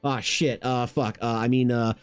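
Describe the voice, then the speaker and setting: A man's voice: mid-range voice, steady tone, normal speed, clear, resonant tone, dry recording, natural voice. A man voicing a flustered Quebec man who gets caught out and stammers as he backpedals.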